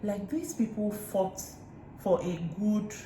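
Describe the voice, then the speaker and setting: A Nigerian woman recapping reality TV in a chatty way, retelling scenes with lively asides. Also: mid-range voice, slow pace. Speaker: reality TV reviewer. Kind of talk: casual recap chat. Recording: roomy room echo, faint hiss.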